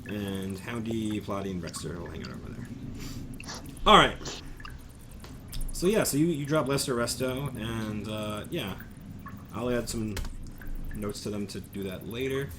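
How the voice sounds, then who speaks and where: A man's voice: on the low side, a little slow, pauses often, background noise. A man running a tabletop game as game master, talking casually and playfully with rambling restarts.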